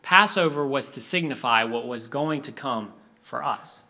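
A young man preaching a sermon in an animated storytelling manner, acting out scenes for his listeners. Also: medium pitch, unhurried.

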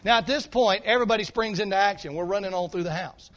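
A man with a high voice for a male preacher tells a sermon story from the pulpit. He is folksy and animated, and he keeps drawing the congregation in with asides. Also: fast. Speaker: pastor.

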